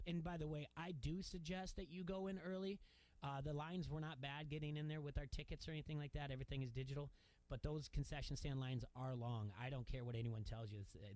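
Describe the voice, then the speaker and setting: A man's voice: mid-range voice, a little mellow. Rambling male sports radio host. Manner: rambling storytelling, many fillers and restarts. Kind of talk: casual radio monologue.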